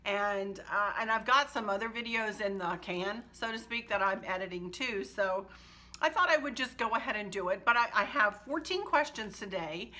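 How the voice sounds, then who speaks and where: Gushing, bright-voiced woman vlogger. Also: medium pitch, lively intonation, moderate pace. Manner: warm, gushing and emotional, laughs often. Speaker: home decor channel host. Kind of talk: casual chat to viewers.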